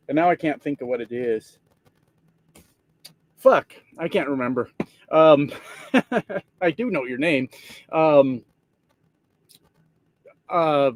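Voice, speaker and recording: A man's voice: fairly high pitch, a little mellow, dry recording. A man, hosting a trucker livestream from his truck, chatting casually and reading comments, swearing freely and laughing often. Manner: profane, rambling, laughs often. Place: inside a truck cab.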